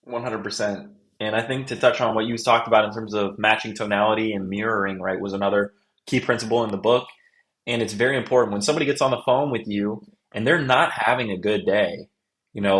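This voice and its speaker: A man's voice: lowish voice, steady tone, fast, fairly bright tone. A man speaking in an echoey room. He talks casually on a group call, agreeable and emphatic.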